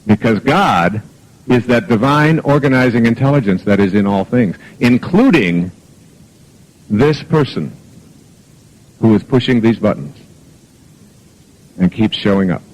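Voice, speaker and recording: A man's voice: lowish voice, expressive, a little slow, pauses often, poor audio. A middle-aged man delivers a self-help talk to a live audience. He tells jokey personal anecdotes and acts out the lines of the people in them. The sound comes from an old archive recording.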